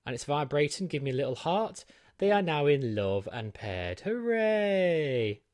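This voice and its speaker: A man's voice: mid-range voice, lively intonation, moderate pace, darkish tone, no echo. Chatty man in a dry studio. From United Kingdom. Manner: chatty, self-deprecating, many ums. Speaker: tech reviewer. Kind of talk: unboxing and set-up walkthrough. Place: small home studio under a studio light.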